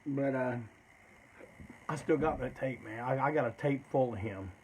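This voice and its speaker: A man's voice: medium pitch, moderate pace, darkish tone, a little hiss or hum, low-quality recording. A man telling stories in a loose, rambling, profane way, often tacking "man" onto his sentences. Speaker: storyteller. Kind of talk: casual storytelling.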